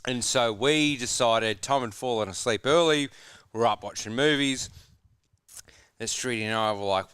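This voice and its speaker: A young man on a live sports stream, calmly starting a childhood prank story while finishing his pizza. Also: mid-range voice, moderate pace, clear, resonant tone, no room sound, studio quality. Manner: relaxed, talks while eating, quieter. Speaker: guest. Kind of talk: casual storytelling.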